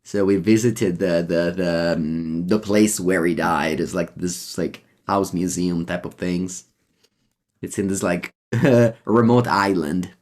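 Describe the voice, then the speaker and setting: Italian-accented male streamer, low voice, rambling game commentary full of ums. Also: fairly even intonation, slow, darkish tone. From Italy. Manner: rambling, many fillers and restarts. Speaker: streamer playing a card game. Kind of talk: casual gameplay commentary, answering chat.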